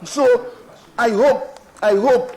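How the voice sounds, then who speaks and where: A man's voice: very high-pitched, takes it slowly, mellow, rough recording. A man with a Saint Lucian accent giving a rebuttal speech in a parliamentary debate, emphatic and mocking, often repeating his phrases. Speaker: prime minister in parliament. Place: parliament chamber.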